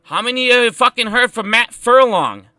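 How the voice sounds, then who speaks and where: High, bright-voiced ranting male streamer. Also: animated, normal speed, no echo. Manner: heated, profane and emphatic. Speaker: stock market live streamer. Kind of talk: live stream rant.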